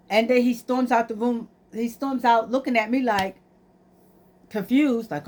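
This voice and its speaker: A woman's voice: on the high side, fairly even intonation, brisk, a little mellow. A woman, casually telling a story to her vlog audience and acting out both sides of the conversations. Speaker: vlogger.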